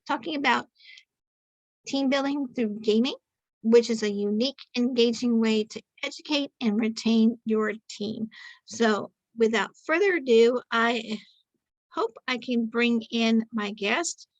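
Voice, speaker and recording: Speaking over a video call, a middle-aged woman hosts a podcast, opening a casual interview in a somewhat high voice. Her talk is loose, chatty and rambling, full of self-corrections, restarts and small jokes. The recording is rough, dry and close, with no sense of a room around her.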